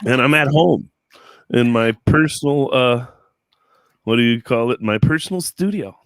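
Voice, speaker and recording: An American man, a comedian and show producer, chatting casually in an interview from his home studio, enunciating clearly and laughing often. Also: mid-range voice, normal speed, no room sound. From United States.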